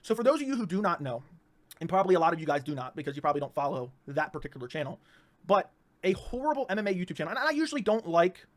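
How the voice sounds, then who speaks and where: A man talking at a breakneck pace in a fairly high voice, hosting a livestream from a home setup. He rants heatedly, doubles back on his words and restarts sentences often. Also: very animated. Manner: rapid, repetitive, stumbling restarts. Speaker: livestream host.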